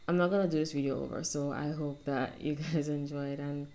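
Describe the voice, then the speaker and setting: Young woman vlogger, low gravelly voice, soft and rambling, home phone recording. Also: fairly even intonation, fairly quick. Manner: soft-spoken, rambling, reflective. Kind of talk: casual self-help vlog monologue.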